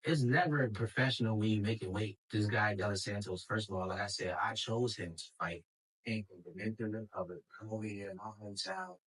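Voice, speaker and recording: Boxer guy in an interview, kinda low voice, laid back, sounds off-mic. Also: a little fast, breathy edge, recorded from a distance, rough recording. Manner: relaxed, resigned, plain-spoken. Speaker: professional boxer. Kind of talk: post-fight interview clip.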